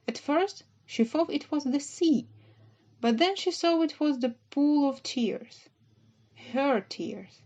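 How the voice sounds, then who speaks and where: A woman narrating a children's storybook audiobook in a measured, gentle reading. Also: on the high side, lo-fi sound.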